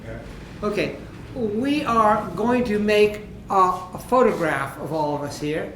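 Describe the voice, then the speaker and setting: A woman's voice: mid-range voice, expressive, unhurried, a bit bright, a little hiss or hum. A woman speaking hesitantly to a gathering at a memorial service, with frequent fillers. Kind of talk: addressing a gathering. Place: room with a gathering of people. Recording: distant, echoey room with crowd.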